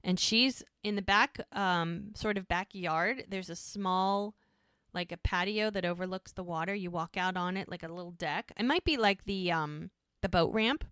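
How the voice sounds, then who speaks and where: A woman chats through a TV episode on a podcast, slipping into the characters' lines as she retells each scene. Her voice sits a bit low. The sound is dry and close. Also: normal speed, a bit bright, clean tone, dry recording. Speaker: podcast co-host. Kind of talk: casual recap chat.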